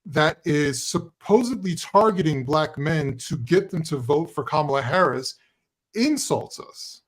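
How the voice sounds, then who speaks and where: A man speaking as a guest on a live panel discussion, animated and sarcastic, mimicking others' voices. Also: on the high side, unhurried, husky.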